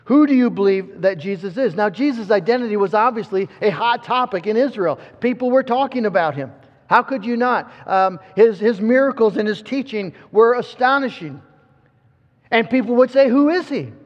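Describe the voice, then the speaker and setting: A man's voice: sits high, lively intonation, normal speed. A man preaching a sermon with earnest emphasis, often repeating words as he restarts a thought. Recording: muffled sound with long hall reverb.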